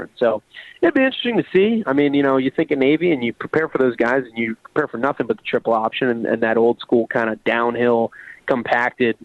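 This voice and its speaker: A man's voice: medium pitch, dry recording. A man, a former college football player, calling in to a sports talk show and talking in long, rambling answers full of fillers and restarts. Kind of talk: casual phone-in sports talk. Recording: tinny phone line.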